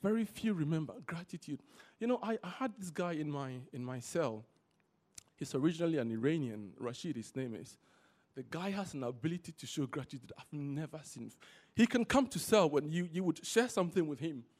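A man preaching a sermon, repeating key words for emphasis and telling stories in an animated way. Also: fairly high pitch, a little fast. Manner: animated storytelling.

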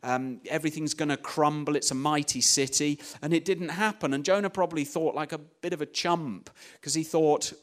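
A man's voice: fairly high pitch, expressive, normal speed. A man preaching a conversational sermon, retelling a story with many "you know" asides. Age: adult, young child at home.

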